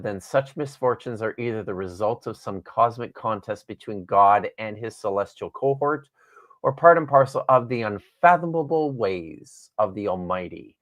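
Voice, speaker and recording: A man, a guest author and Bible scholar, talking in a podcast conversation and reading from his own book, thoughtful and wry with frequent restarts. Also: medium pitch.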